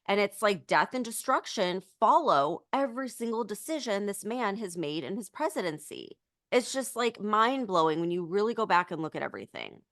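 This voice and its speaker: A woman's voice: medium pitch, expressive, normal speed, a bit bright, dry recording, studio quality. A woman co-hosting a political podcast, talking in an indignant, urgent way, full of "like" and "you know". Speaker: podcast co-host.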